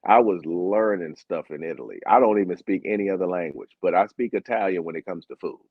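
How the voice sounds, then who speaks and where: Here the former Olympic sprinter from the US, now a comedian, speaks low and fairly quick with a breathy edge. Laughing and animated, he acts out dialogue in his comic stories, captured in dull, dry audio without room sound.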